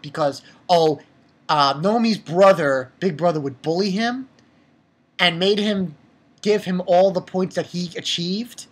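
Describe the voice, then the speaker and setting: Husky male anime reviewer, ranting and mocking, loud bursts and mutters. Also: high voice. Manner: animated, profane, mocking, swings from shouting to muttering.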